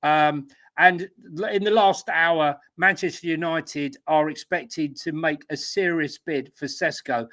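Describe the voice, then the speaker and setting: A man's voice: fairly high pitch, steady tone, unhurried, a bit bright. A man co-hosting a casual football podcast in a chatty, self-mocking way. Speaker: podcast co-host.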